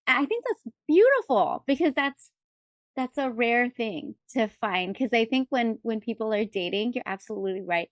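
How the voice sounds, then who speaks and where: Middle-aged woman, podcast host, casual interview, affirming, warm, restarts phrases, high-ish pitch. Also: expressive, normal speed, no echo, clean studio sound. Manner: warm, affirming, repeats herself as she thinks.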